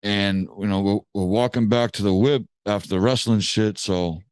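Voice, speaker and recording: A young man from Massachusetts, a music producer telling a story in a casual podcast chat, animated and slangy, swearing casually. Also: lowish voice, normal speed, clean tone, no echo. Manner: animated, slangy, swears casually, acts out other people's lines.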